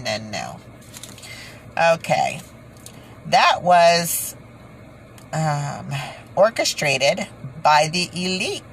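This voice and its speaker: Slow-talking woman, halting and self-correcting. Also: low-pitched, a bit bright, slight background noise, low-quality recording. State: tired, head pounding. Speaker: video creator. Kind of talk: casual monologue reading from notes.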